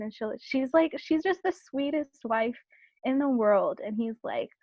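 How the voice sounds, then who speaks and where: A woman's voice: on the high side, lively intonation, a little slow, no echo, highs cut off. A woman co-hosting a casual movie review podcast, talking in a loose, rambling way full of "like". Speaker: podcast co-host.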